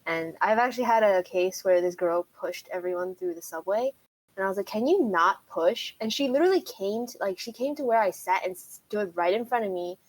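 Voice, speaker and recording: A young New woman chatting on a casual podcast, blunt and frank in what she says. Her voice sits at an ordinary pitch. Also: brisk, darkish tone, rough recording. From New York. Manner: frank and blunt, telling stories with reactions. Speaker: podcast co-host. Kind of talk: casual chat.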